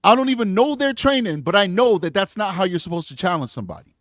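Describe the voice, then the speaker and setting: A man's voice: high voice, lively intonation, fast, no room sound, studio quality. A man giving blunt, emphatic commentary on a true crime video, talking back to the clips he plays. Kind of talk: casual reaction commentary.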